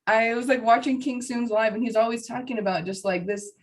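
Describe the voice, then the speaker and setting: A woman guest in a casual conversation, talking fast with plenty of swearing and frequent laughter. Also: on the high side, fairly even intonation, recorded from a distance. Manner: fast, profanity-laced and laughing often. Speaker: podcast guest, psychic medium.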